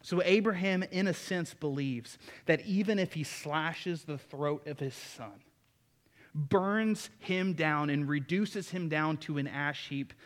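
A man's voice: on the high side, big-room sound. A man preaching a sermon in a folksy, enthusiastic way, with asides to the congregation. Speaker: pastor.

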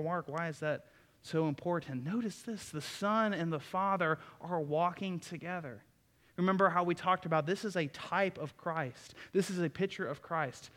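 A man's voice: fairly high pitch, fairly bright tone, big-room sound. A man preaching a sermon in a folksy, enthusiastic way, with asides to the congregation. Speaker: pastor.

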